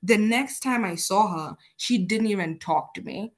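A young adult woman from Kenya, a podcast guest telling personal stories in a lively, self-deprecating way. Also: mid-range voice, normal speed. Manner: animated, self-deprecating, acts out quotes. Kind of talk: casual conversational storytelling.

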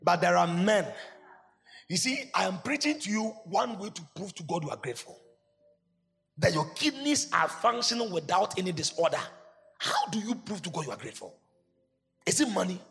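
A man with a Ghanaian accent preaching a sermon, swinging between loud shouts and low asides. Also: very animated, normal speed, creaky, long pauses, long reverb tail. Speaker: pastor.

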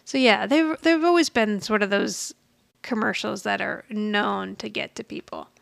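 A woman's voice: mid-range voice, measured pace, gravelly. A woman co-hosting a podcast, casually retelling a sitcom episode and quoting its characters with frequent laughs. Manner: chatty storyteller, quotes characters, laughs often. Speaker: podcast co-host.

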